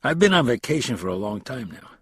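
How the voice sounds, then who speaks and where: A man's voice: medium pitch, big pitch swings, fast, a bit bright, husky, no echo. A man voicing a smug, wealthy American man with a slight New York accent, speaking in a pointed, edged way.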